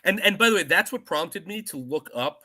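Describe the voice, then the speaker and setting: Man, casual podcast co-host, bright sharp tone, slightly high voice, animated and laughing. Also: brisk. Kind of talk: casual film podcast chat.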